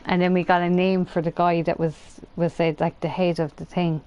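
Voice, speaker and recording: A woman's voice: fairly low pitch, little pitch movement, brisk, clear, resonant tone, highs cut off. A woman chatting casually while streaming a co-op game, rambling through anecdotes with many fillers. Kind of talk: casual chat.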